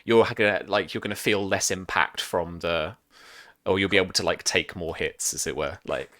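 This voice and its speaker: A man's voice: sits low, normal speed, fairly bright tone. A man narrating as game master of a tabletop role-playing game, rambling and hesitant. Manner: rambling, hesitant, many fillers.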